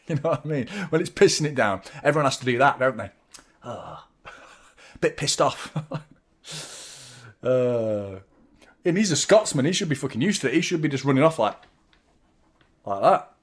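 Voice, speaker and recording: Excitable football fan commentating. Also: male voice, medium pitch, moderate pace, long pauses, husky. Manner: excitable, swearing, jokey fan banter, chatting to viewers. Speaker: watchalong host. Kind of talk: live football watchalong commentary.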